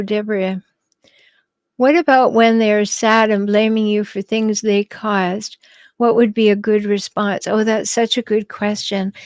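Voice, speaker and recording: A middle-aged woman hosting a podcast, calmly answering listener questions with advice and the odd light laugh. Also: medium pitch, clean tone, no echo. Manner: calm, advising, light laughs, some restarts. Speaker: podcast host and relationship advisor.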